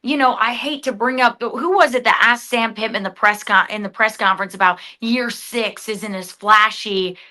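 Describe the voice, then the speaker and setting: A Southern woman with a high, bright, forceful voice argues her points on a sports talk show. She is emphatic and often stops to restart a sentence. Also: normal speed, few pauses. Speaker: podcast co-host.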